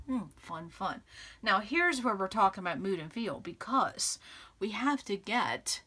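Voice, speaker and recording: A woman's voice: medium pitch, animated, normal speed, bright, forceful tone. A woman hosting a scrapbooking tutorial, chatting casually and upbeat as she works, laughing often and thinking aloud. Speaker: scrapbooking channel host. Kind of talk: casual crafting tutorial narration.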